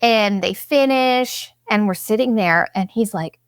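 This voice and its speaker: A young woman hosting a podcast, telling a vacation story in a blunt, profane, animated way and acting out what people said. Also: medium pitch, a little slow, no room sound, studio quality. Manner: blunt and profane, animated retelling with quoted asides. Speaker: podcast host. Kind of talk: casual storytelling monologue.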